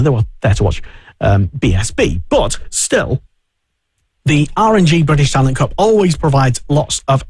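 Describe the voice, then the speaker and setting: A man's voice: medium pitch, slightly rough, dry recording. A man hosting a casual motorsport radio chat, talking in a rambling way with many fillers and restarts. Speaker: radio show host.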